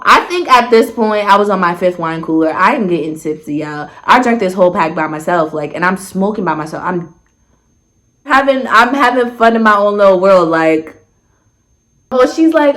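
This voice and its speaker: Blunt, sarcastic young woman telling a story. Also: moderate pace. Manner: candid, blunt, sarcastic, swears freely; animated, jumps pitch for emphasis. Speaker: storyteller vlogger. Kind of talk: casual storytime chat.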